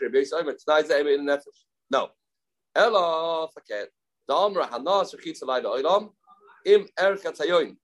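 Halting man teaching a Talmud page. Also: medium pitch, rough recording. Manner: halting, repeats phrases, mixes English with Hebrew and Aramaic terms. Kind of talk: Talmud study class.

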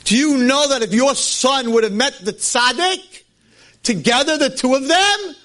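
Man voicing a scornful devil-stranger in a told tale; high, taunting, boastful. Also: a little slow, a bit bright. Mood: gloating. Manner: scornful, gloating. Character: sly male stranger, revealed as a gloating devil.

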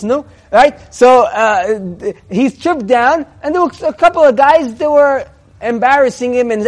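Man, high voice, sermon, rhetorical questions, swings between soft and emphatic. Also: lively intonation, normal speed. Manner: rhetorical questions, mixing Hebrew phrases into English. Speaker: rabbi giving a Torah class.

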